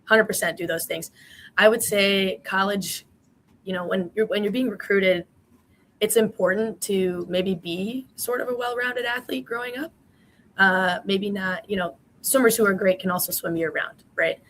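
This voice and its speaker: A woman's voice: mid-range voice, moderate pace, fairly bright tone, a little hiss or hum, low-quality recording. A woman in her twenties, a former college swimmer, answering interview questions in a chatty way with many fillers.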